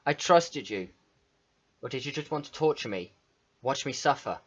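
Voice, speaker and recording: A man's voice: medium pitch, animated, moderate pace, a bit bright. A man reading the lines of an obsessive, self-aware female game character aloud, pleading and confessional. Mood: wounded. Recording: muffled lo-fi mic.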